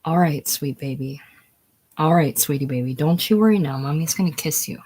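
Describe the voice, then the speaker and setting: A reader voicing a distraught eighteen-year-old young mother, pleading, shouting and whispering by turns, in a casual screenplay reading. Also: mid-range voice, moderate pace, slightly rough, natural voice. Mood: soothing.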